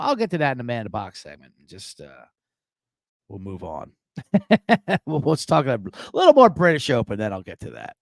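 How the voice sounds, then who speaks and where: Middle-aged man, betting podcast host, rambling and cursing, lively up-and-down voice, dry close sound. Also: a little high, no echo. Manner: rambling, profane, jokey asides. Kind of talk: casual live show chat.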